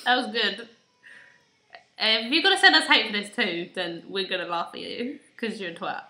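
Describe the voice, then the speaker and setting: A young woman chatting casually, telling a story in an animated, giggly way with quoted voices. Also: mid-range voice, normal speed, roomy sound. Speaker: vlogger. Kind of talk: casual chat.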